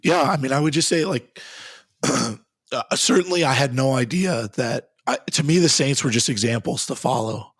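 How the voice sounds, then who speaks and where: A man with a husky, slightly rough voice, speaking at a middle pitch. He tells his story earnestly and reflectively, pausing and restarting as he goes. The sound is close and dry. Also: no room sound. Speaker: guest who took part in exorcisms. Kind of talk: conversational storytelling.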